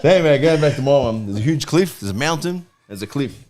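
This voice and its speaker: A man co-hosting a football podcast in casual chat, excitable and laughing a lot, with stumbling restarts. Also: medium pitch, fast talker, a crowd in the background. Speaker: podcast co-host.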